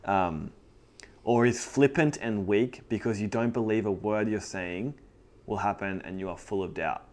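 A male pastor preaching to a group with a fairly low voice. He talks like a friend rather than from a pulpit script, earnest and direct, with frequent little laughs. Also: a little slow, darkish tone. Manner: earnest, conversational, laughs often. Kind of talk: sermon.

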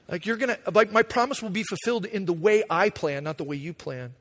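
Man, pastor, sermon, higher voice, animated, acts out dialogue, echoing hall. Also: a little fast, few pauses.

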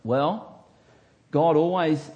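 A man, a pastor, preaching a sermon with emphatic delivery that swings from hushed to loud. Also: on the high side, extremely slow.

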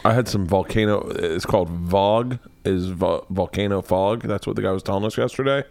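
A man's voice: on the low side, moderate pace, creaky, a little mellow, no echo. A man hosting his podcast, rambling in casual chat and often restarting his sentences. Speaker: podcast host.

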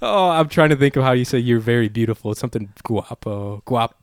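A man's voice: medium pitch, animated, fairly quick. Laid-back rambling man, casual chat.

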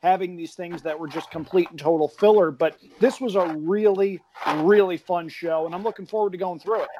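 High-voiced man chatting emphatically. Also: brisk, dull audio, background noise. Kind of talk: casual chat.

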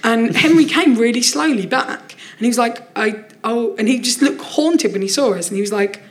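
Casting note: woman comedian, lively anecdote teller, slightly higher voice, laughing through it. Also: normal speed, hardly any pauses. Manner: animated storytelling, frequent laughter, swearing. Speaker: comedian guest. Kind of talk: casual anecdote on a live podcast.

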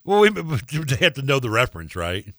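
A man's voice: medium pitch, sing-song, normal speed, a bit bright, no echo. A man co-hosting a sports radio show, rambling and laughing often, trailing off mid-sentence. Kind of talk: casual sports talk.

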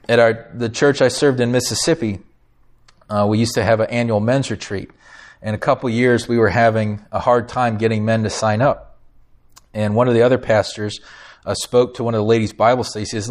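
A man's voice: lowish voice, fairly even intonation, a little fast. A man preaching a sermon as pastor, emphatic, lifting his voice on key phrases and putting questions to the congregation. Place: church sanctuary.

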